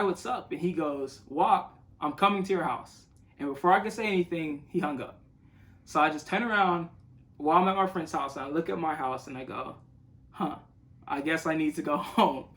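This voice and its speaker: A young man, a youth ministry leader, telling a personal faith story in an earnest, halting way with frequent restarts. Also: on the high side, a bit bright, poor audio. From United States. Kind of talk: personal testimony.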